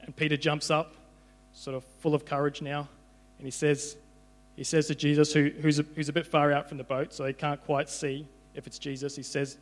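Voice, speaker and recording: A man's voice: fairly high pitch, little pitch movement, normal speed. A young man giving an informal sermon, conversational, often repeating his words as he goes. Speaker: preacher. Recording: hall reverb with mains hum.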